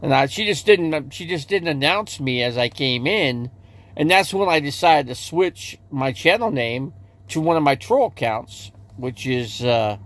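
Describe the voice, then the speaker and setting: A man with a slightly raised voice talks casually to his livestream audience from inside an RV. He rambles, doubles back and repeats words as his thoughts shift. His talk is loose and conversational, pitched a touch higher than most men's. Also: expressive, measured pace, fairly bright tone. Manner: talks straight to viewers in the chat.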